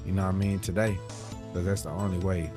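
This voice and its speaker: A man's voice: low voice, little pitch movement, fast, over loud music. A man reading all the characters of a courtroom game aloud in his own voice, with playful asides and casual commentary. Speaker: gaming YouTuber.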